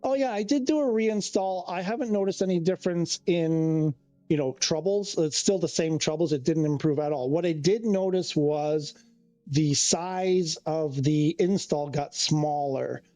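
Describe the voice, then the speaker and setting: A man's voice: fairly high pitch, unhurried, dark tone, no room sound, faint music behind. A man hosting a casual live stream, rambling, restarting his sentences and reading chat messages aloud. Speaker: livestreamer.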